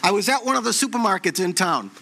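Male pastor preaching, high bright voice, tells stories in an animated way. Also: fast, gravelly. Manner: animated storytelling, repeats phrases for effect. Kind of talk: sermon with a personal story.

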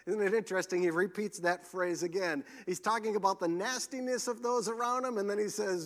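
A man preaching a sermon as pastor, earnest and slowing down to press scripture home. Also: high-pitched. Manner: earnest, slows for scripture and emphasis. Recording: long hall reverb.

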